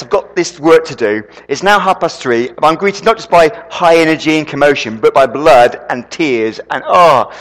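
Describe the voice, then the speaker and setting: A man preaching a sermon, an animated storyteller who throws quick asides to the congregation. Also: on the high side. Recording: long reverb in a hall.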